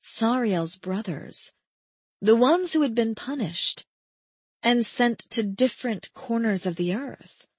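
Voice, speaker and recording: A woman narrating first-person fiction in a breathy, measured, steady voice. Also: fairly high pitch, dry recording. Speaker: audiobook narrator.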